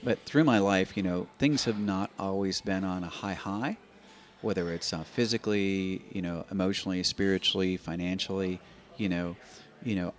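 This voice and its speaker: A man in his fifties, a podcast guest, telling stories in an animated way, often repeating and restarting words. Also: low voice. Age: 50s. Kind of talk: conversational storytelling. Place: open-air bike and coffee shop in a garage.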